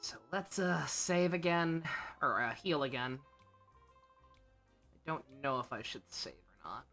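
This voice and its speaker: A young woman streaming a game, giving casual, laughing, excitable commentary with swearing. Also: sits low, unhurried, faint music behind.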